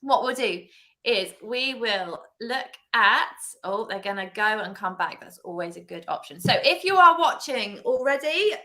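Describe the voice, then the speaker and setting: A woman's voice: a little high, animated, moderate pace, bright, forceful tone. A woman hosting a casual church livestream chat, bubbly and laughing often. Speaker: host. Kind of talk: casual live-stream chat.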